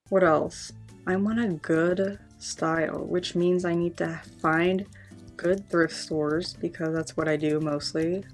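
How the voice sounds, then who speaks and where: A young woman in casual vlog chat, chatty and quick to get excited or exasperated. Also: on the low side. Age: young adult. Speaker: vlogger.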